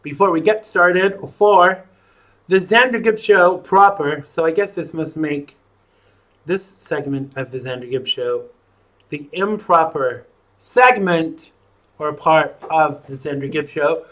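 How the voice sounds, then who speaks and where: A man's voice: on the high side, slow pace, a bit bright. A man hosting a live-streamed talk show, chatting in a playful, jokey way as he sets up the broadcast. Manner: playful, jokey, self-amused.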